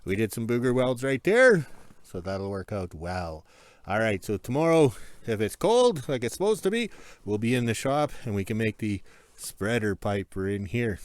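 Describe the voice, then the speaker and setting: A man's voice: mid-range voice, no echo. A man rambling in a folksy, casual way as he shows his workshop and yard. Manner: rambling, folksy, self-correcting. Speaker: vlogger, homesteader. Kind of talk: casual walk-around narration. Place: workshop and yard in the cold north.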